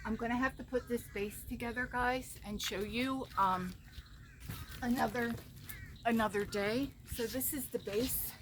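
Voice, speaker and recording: A woman's voice: fairly even intonation, a little slow, fairly bright tone. A woman casually chatting while filming outdoors in her backyard, talking viewers through her setup. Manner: chatty, calls to her cat in a high sing-song. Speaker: vlogger. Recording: outdoor background noise.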